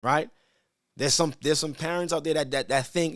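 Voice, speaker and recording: A man who is a church elder, teaching from the Bible in a casual, conversational way, asking rhetorical questions and reading verses slowly with emphasis. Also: a little high, sing-song, no room sound, clean studio sound. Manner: conversational, asks rhetorical "right?", stammers repeats.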